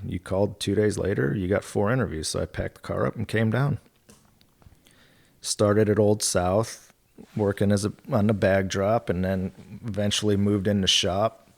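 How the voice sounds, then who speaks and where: A man speaking as a podcast guest, telling stories in a relaxed, candid way. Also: fairly low pitch. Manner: relaxed and candid, with mild swearing and laughs. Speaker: guest, golf equipment territory manager. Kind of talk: casual storytelling.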